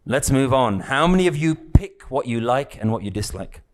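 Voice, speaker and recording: A man's voice: mid-range voice, lively intonation, moderate pace, a little hiss or hum. Chatty man teaching a live audience. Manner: conversational, teasing, keeps checking in with "yeah?" and "right?". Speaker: spiritual teacher.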